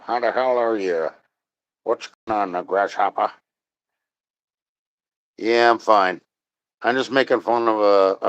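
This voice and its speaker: A man's voice: on the low side, fairly bright tone, no echo. A man chatting casually on a live stream, rambling, joking and answering chat. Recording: dry, dull lo-fi sound.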